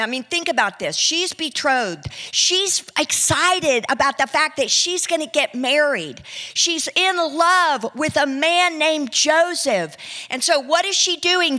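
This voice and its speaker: A woman preaching a sermon, reading scripture slowly and talking with her listeners in a conversational way. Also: high-pitched, pushed and bright. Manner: conversational, addresses listeners directly; reads scripture slowly and deliberately.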